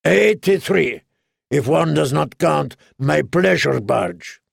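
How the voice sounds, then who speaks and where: A man voicing a sly, greedy male merchant prince who teases and bargains in a slow, drawling way. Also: on the high side, lively intonation, gravelly, no room sound, studio quality, exaggerated voice. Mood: sly wheedling.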